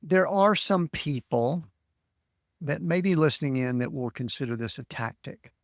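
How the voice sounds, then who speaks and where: A man hosting a podcast, asking thoughtful, measured interview questions. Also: fairly high pitch, vocal fry, dry recording, clean studio sound. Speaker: podcast host.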